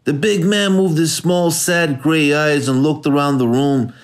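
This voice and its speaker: A man giving steady, measured scripted narration of a hardboiled crime novel. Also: a little high. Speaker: audiobook narrator.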